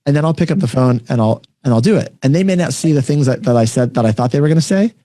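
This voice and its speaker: This man hosts a podcast interview in a warm, expressive, medium-pitched voice, captured at studio quality with no room sound. Brisk and explanatory, he grounds ideas in concrete examples and keeps asking "right?"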